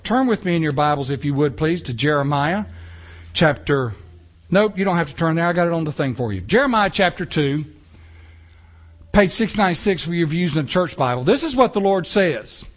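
A man preaching a sermon in church, animated, with casual asides and rhetorical questions to the congregation. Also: on the high side, brisk. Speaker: pastor. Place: church sanctuary.

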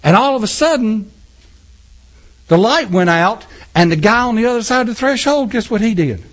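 A man preaching a sermon as pastor in his church, his voice pitched high. He swings widely up and down with passion and calls out to the congregation as he goes. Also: animated, normal speed. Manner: impassioned, talks with the congregation.

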